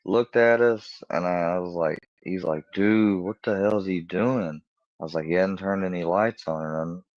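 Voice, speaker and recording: A man's voice: dry recording, dull audio. A man telling a rambling casual story, acting out both sides of a conversation in a jumpier voice. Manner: rambling, acts out both sides of the talk with a jumpier, higher voice for quotes. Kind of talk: casual story told to camera.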